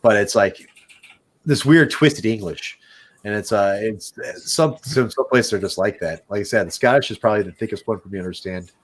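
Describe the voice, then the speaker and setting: Midwestern American male podcast host, lowish voice, casual rambling talker who swears. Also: moderate pace. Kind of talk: casual chat.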